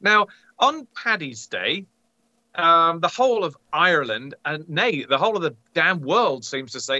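Animated English man, sharp bright voice, playful, dry sound. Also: unhurried, dry recording, lo-fi sound. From England. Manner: animated, playful, teasing, pitch leaping up. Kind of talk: casual chat.

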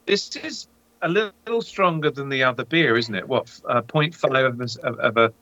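A man with a British accent co-hosting a casual talk podcast, speaking in a measured, thoughtful way. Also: mid-range voice, bright, forceful tone, no echo, muffled recording. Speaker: podcast co-host. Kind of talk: casual chat.

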